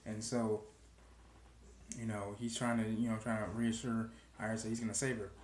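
Young guy rambling about a show, low voice, swears a lot, echoey room w/ faint hiss. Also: level tone, normal speed, a little mellow. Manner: loose, profane, many "you know" fillers. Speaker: TV show reaction vlogger. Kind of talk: casual spoken recap.

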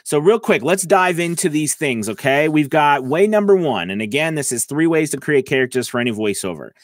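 A man giving a casual voice-over lesson, talking into a close mic and filling pauses with "all right" and "okay". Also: a little high, expressive, no echo. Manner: chatty, lots of "all right" and "okay" fillers. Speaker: voice-over coach. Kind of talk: casual tutorial talk. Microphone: close mic, about six inches away.

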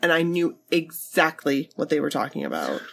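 A woman's voice: low voice, big pitch swings, moderate pace, vocal fry, a bit bright. A woman co-hosting a podcast in casual chat, giggly and emotional, sniffly with a cold. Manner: giggly, emotional, laughs to tears. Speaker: podcast co-host.

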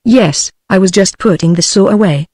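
A computer-generated woman's voice with a British English accent reading the lines of a soft, insistent young farmhand in an audiobook. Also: mid-range voice, normal speed, dry recording, studio quality, natural voice. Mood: softly insistent. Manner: softly insistent, repeating himself.

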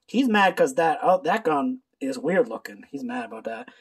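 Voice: mid-range voice, very animated, normal speed, creaky, slightly rough. A booktuber running through a book list in a casual, sarcastic, irreverent ramble with mild swearing. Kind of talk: casual book haul video.

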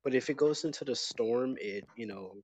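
A man's voice: mid-range voice, moderate pace, darkish tone. Rambling man explaining game updates. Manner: rambling explainer with many fillers. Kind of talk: casual gaming chat.

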